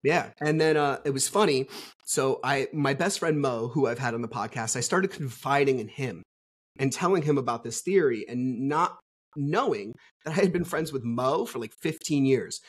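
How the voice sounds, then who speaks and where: A middle-aged man from New Jersey, guesting on a podcast, tells a story in a casual interview, speaking at a moderate pace in an animated, medium-pitched voice that sounds slightly rough. He's rambling and frank, with lots of fillers and an occasional swear.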